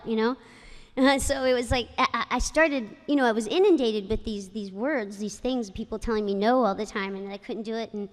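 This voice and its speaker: A woman with a fairly high, brisk voice gives a personal speech as an inductee at a ceremony, a former jockey sharing stories. She talks in a chatty way, full of fillers, and the hall adds a long reverb.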